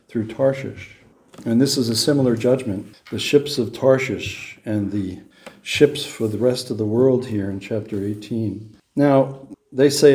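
A man's voice: mid-range voice, dark tone, reverberant. A man preaching a sermon, reading scripture with rising emphasis and then explaining it in a conversational way with rhetorical questions. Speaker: pastor.

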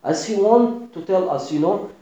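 A man preaching a sermon with passion, dropping to a hush and then rising loud. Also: high-pitched, normal speed, echoey room, low-quality recording. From Sudan. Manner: impassioned, swinging between hushed and loud.

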